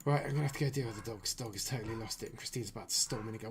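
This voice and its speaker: A man's voice: lowish voice, rapid-fire, crowd noise. A man hosting a live-stream film vote, chatting casually and laughing often.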